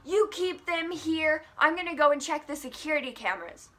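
A woman's voice: animated, moderate pace. A woman mimicking a shrieking store clerk. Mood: bossy. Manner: shrill, frantic shouting. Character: screaming female store worker, accusing.

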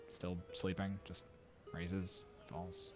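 A man's voice: sits low, flat delivery, extremely slow. A man narrating as game master for a tabletop game, rambling with many fillers and restarts. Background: background music.

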